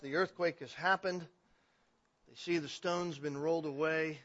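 A man preaching a sermon in an animated way, swinging between loud emphasis and quiet passages. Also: on the high side. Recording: dull lo-fi recording.

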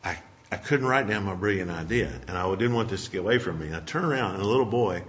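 A man's voice: on the low side, lively intonation, fast talker, a bit bright. A man preaching a sermon, telling a folksy personal story and closing in prayer. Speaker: pastor. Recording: dull lo-fi sermon recording.

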